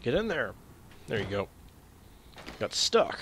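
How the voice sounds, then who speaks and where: A man's voice: mid-range voice, very animated, slow, a bit bright, slight background noise. A young man joking and chatting casually while commenting on a game. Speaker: gameplay commentator.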